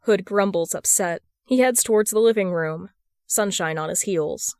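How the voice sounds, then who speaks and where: Woman narrator, podfic reading, smooth clear voice, dry close sound, steady pace. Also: medium pitch, moderate pace, no echo. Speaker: podfic reader. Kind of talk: audiobook narration of fan fiction.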